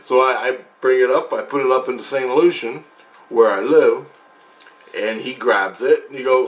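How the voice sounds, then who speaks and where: A man who hosts his own channel, casually retelling a dream in a rambling, halting way full of restarts. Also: mid-range voice, a bit bright. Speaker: channel host sharing spiritual experiences. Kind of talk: casual spoken recounting of a dream.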